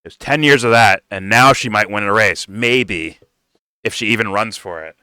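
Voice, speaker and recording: A man's voice: fairly low pitch, moderate pace, bright, forceful tone, clean tone, dry recording, clean studio sound. A man doing casual reaction commentary, blunt and profane, rambling and restarting his sentences. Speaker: reaction streamer.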